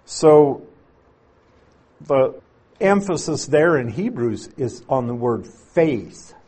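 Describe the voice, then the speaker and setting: A man's voice: mid-range voice, sing-song, slow, warm tone, slightly rough. A man teaching through scripture in an expository sermon, patient and explanatory, leaning on key words to drive his points home. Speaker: Bible teacher.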